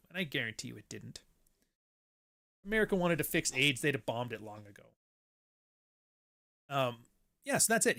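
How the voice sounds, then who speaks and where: A man hosts his podcast in a loose, ranting style. He is blunt and sarcastic and swears freely, and his voice sits in a middle pitch range. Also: fairly bright tone. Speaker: podcast host. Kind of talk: casual opinion rant.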